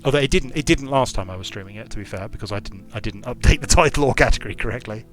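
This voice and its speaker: Streaming a strategy game from his hot room at home, a young man who designs games talks through his play at a racing pace. His medium-pitched voice has lively intonation, and he keeps interrupting himself and trailing off mid-sentence as he thinks aloud over soft background music.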